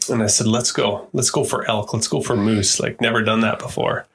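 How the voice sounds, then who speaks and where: Middle-aged male guest, gravelly and slightly low, casual storyteller who stumbles and repeats himself. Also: fairly even intonation, fairly quick, a bit bright, a little hiss or hum. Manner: repeats words while telling stories. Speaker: podcast guest.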